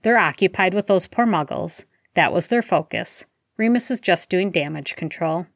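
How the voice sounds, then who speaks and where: A woman reading the part of a grown man, a steady protective godfather wizard, in a calm soothing way. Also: lowish voice, normal speed, no room sound, clean studio sound. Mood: reassuring.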